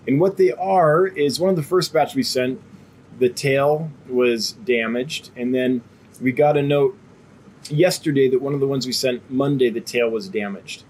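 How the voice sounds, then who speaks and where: Husky and a little mellow at medium pitch, a man's voice carries a casual fish-selling live stream. He rambles and chats with lots of fillers, a cough drop in his mouth and a mild cough that won't quite go away.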